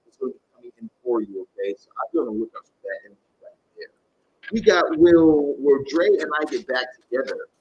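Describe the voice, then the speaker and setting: A man's voice: mid-range voice, lively intonation, quick pace, darkish tone, husky, muffled recording. A man giving live tarot readings to viewers, talking bluntly, animatedly and with casual swearing. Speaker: tarot reader.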